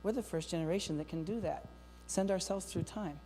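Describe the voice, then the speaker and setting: A faint mains hum and long reverb fill the hall as an energetic man gives a lively keynote to teachers. His voice sits high and moves fairly quickly, and he jokes while addressing the audience head-on.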